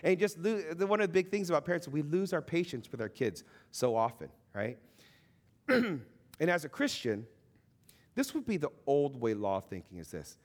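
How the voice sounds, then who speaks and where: A man in his thirties, a Christian parent, giving an informal faith talk in a conversational, animated way, with many fillers and acted-out quotes. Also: on the high side, moderate pace.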